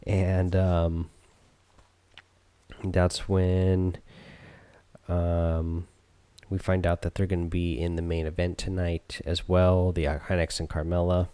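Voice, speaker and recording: A man's voice: low voice, completely flat delivery, slow pace, pauses often, dark tone, no room sound. A man hosting a podcast, recapping a show in a loose, rambling way full of ums and uhs. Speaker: podcast host.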